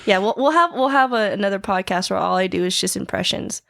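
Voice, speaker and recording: A woman's voice: mid-range voice, quick pace, gravelly, fairly bright tone, no room sound, clean studio sound. A woman guest chatting playfully on a podcast, giggling often. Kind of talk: casual podcast chat. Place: studio.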